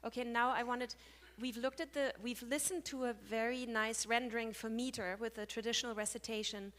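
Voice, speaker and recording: A woman's voice: fairly high pitch, fairly even intonation, fairly quick, a bit bright. Woman lecturing on Sanskrit meter. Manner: chatty, with self-corrections, hums meter rhythms. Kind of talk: conference talk on Sanskrit meter.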